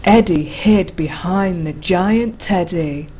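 A woman reading a rhyming bedtime picture book aloud in a slow, rhythmic way. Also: on the low side, warm tone, slight background noise. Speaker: narrator.

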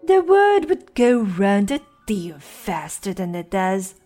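A woman voicing a rough-tempered old duchess with a hoarse, growling, slow and loud delivery. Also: mid-range voice, very animated, faint music behind. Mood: gruff.

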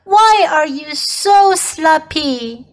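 A woman's voice: sits high, expressive, very slow, pitched above the performer's own voice, full character voice. A woman voicing an eager, caring young child who looks after a pet tiger, in a bilingual children's storybook reading. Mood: caring, scolding. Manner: bright, eager, bilingual repeats.

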